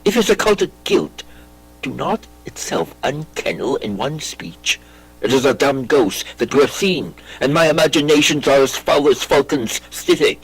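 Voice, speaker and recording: A man reading a classic play aloud, voicing a brooding, intense young prince with lively theatrical delivery. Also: a little high, moderate pace, slightly rough, rough recording. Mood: earnest. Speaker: audiobook reader.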